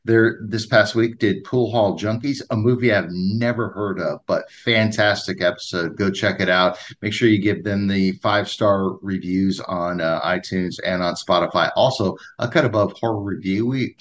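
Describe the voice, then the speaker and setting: A man co-hosting a podcast, talking in an easygoing, rambling way with many repeats and restarts. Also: on the low side. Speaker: podcast co-host. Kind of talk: casual podcast chat.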